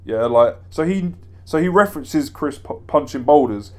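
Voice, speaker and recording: A man's voice: a little high, expressive, normal speed. Rambling man reviewing a game. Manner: rambling, filler-heavy, exasperated asides. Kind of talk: casual spoken game review.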